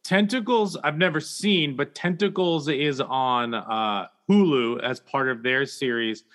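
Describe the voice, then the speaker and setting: A man's voice: mid-range voice, a little slow, fairly bright tone. A man co-hosting a casual podcast, playful and easygoing. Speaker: podcast co-host. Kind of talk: casual chat.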